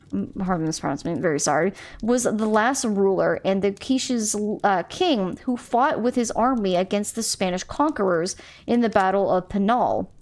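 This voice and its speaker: Woman gamer, casual, reads text aloud, muses, mid pitch. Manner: chatty, musing, stumbles over names. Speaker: game streamer. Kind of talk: casual gameplay commentary, reading in-game text aloud.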